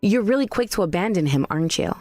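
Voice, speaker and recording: A woman voicing a cool young wife in a scripted drama, who accuses in a calm, cutting way. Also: mid-range voice, quick pace, no room sound, faint music behind, lightly acted. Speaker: daughter-in-law.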